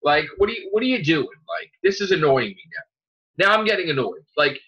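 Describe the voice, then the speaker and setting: Guy ranting on a fan podcast, high bright voice, muffled lo-fi sound. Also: lively intonation, fairly quick. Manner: ranting, swearing, frequent fillers and restarts. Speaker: podcast co-host. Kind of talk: casual fan chat. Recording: dull lo-fi podcast audio.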